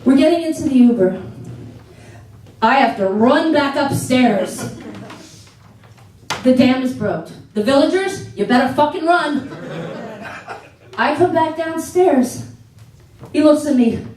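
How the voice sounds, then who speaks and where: A woman doing a stand-up set on a comedy theater stage, telling stories with animated exclaimed asides. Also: high-pitched, slow pace, pauses often. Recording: echoey theater, distant mic.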